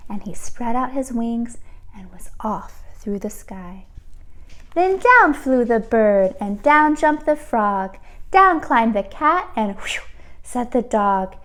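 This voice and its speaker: A woman teacher reading a storybook aloud to children, expressive and pausing to ask the listeners questions. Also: fairly high pitch.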